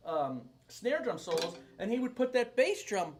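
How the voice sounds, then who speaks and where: Chatty drum teacher, lively voice. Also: male voice, high-pitched, normal speed, a little hiss or hum. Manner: rambling, joking, self-deprecating. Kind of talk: casual video lesson. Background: loud drum kit playing.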